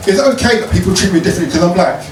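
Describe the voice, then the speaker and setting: Cheeky high-voiced comic. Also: male voice, very fast. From Croydon, South London. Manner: cheeky, punchy, leads call-and-response. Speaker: stand-up comedian. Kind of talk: stand-up routine with crowd work. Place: comedy club stage with a live audience. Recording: roomy live club sound, distant mic, noisy.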